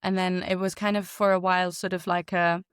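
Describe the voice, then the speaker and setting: A woman voice actor, by birth, talking in a chatty, animated way in a casual interview. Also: lowish voice, fairly quick, clean tone, dry recording, studio quality. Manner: chatty and animated, laughs often. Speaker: voice actor guest.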